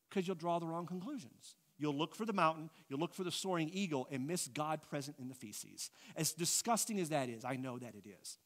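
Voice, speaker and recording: A middle-aged man leads a casual adult class. He talks in a fairly high voice, thinks out loud and keeps questioning his listeners.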